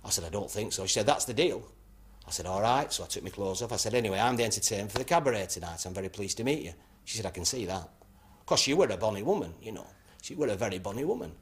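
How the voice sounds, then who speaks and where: Bloke doing a club comic, rambly gags, pitch jumps all over. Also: male voice, lively intonation, fast, lightly acted. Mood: cheeky. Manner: rambling anecdotes with punchlines. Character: brash northern male club comic. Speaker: club comedian. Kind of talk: stand-up routine.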